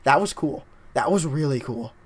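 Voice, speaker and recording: Excitable young man streaming a game. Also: mid-range voice, normal speed. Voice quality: scratchy. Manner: excitable, rambling, greets chat often. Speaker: livestreaming gamer. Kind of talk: casual game livestream chat.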